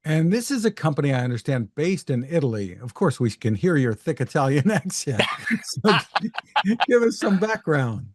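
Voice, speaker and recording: Tech show host guy, fairly high voice, upbeat and quick to the next question. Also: very animated, heavy background noise. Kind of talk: interview hosting.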